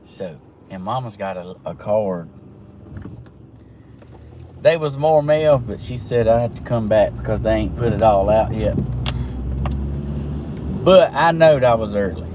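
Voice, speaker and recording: Southern georgia guy rambling from his car, easygoing drawl, road noise loud behind him. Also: fairly low pitch, lively intonation, a little slow, pauses often. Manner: laid-back, chuckling, drawling country talk. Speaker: vlogger. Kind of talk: rambling casual storytelling. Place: in a car while driving.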